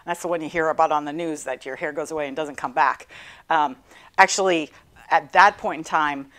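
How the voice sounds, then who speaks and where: A middle-aged woman and cancer survivor telling her own story in a class talk, animated and self-deprecating, laughing often. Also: deep voice, brisk.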